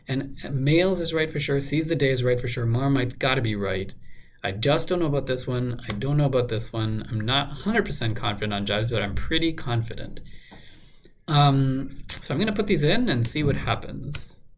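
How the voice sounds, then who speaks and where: A man solving a crossword out loud, muttering guesses and filling pauses with lots of ums and uhs. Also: mid-range voice. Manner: muttering, hesitant, many fillers. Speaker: crossword solver. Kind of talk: thinking aloud while solving a puzzle.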